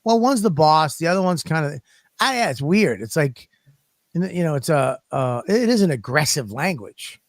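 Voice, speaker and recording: A man with a fairly high voice tells crude stories in a loose, rambling way, swearing all the time. He sounds close to the mic in a dead-dry room with no echo at all. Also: lively intonation, normal speed. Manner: crude, profane, rambling storyteller. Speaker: podcast co-host. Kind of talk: casual comedic chat.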